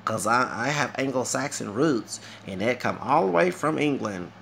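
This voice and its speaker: A man's voice: medium pitch, animated, moderate pace, gravelly, a bit bright, a little hiss or hum. A man with a Southern US accent ranting to camera in a heated, mocking monologue and dropping Spanish phrases into his talk. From United States. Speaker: vlogger.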